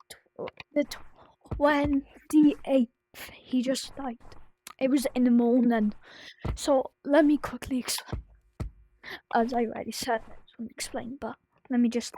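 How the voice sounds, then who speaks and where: A woman talking to her viewers in a personal vlog, grieving and close to tears, in a sad voice that halts, restarts and slips into soft whispers. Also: sits high, poor audio. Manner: halting, full of restarts and fillers, drifting into soft whispers. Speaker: vlogger.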